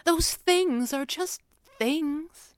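Lady putting on a shaky tearful mom in an audiobook, pitched way up, dry sound. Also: extremely slow, no room sound. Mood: upset. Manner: quavering, holding back tears. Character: tearful mother defending her choice.

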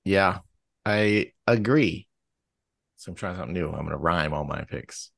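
A man's voice: low-pitched, normal speed, gravelly, a bit bright, dry recording. A man co-hosting a sports podcast in a laid-back, slangy way. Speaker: podcast co-host. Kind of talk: casual sports chat.

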